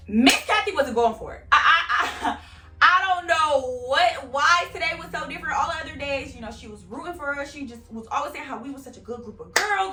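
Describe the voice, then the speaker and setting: A woman's voice: high voice, animated, normal speed, bright, forceful tone, far from the mic. A young woman vlogger telling a candid, casual story and swearing freely. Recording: roomy, off-mic, faint music.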